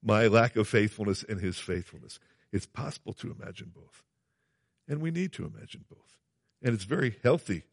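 A man's voice: mid-range voice, creaky, husky, no echo, studio quality. A man preaching a sermon, earnest and emphatic, repeating phrases and asking his listeners questions.

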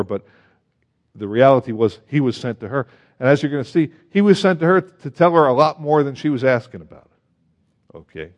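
A man's voice: mid-range voice, fairly quick. Man, pastor preaching, reads scripture aloud, asks rhetorical questions, muffled lo-fi recording. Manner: animated, with rhetorical questions to the congregation; reads scripture aloud in old-fashioned wording. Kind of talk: sermon Bible teaching.

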